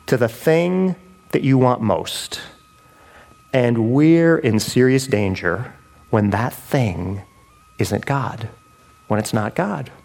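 Lively, conversational male preacher. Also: on the high side. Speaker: pastor. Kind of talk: sermon.

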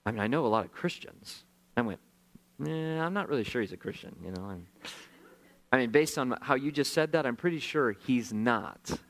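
A man's voice: mid-range voice, lively intonation, normal speed, a bit bright, rough recording. A male pastor telling a story in a sermon, acting out the voices of the people in it.

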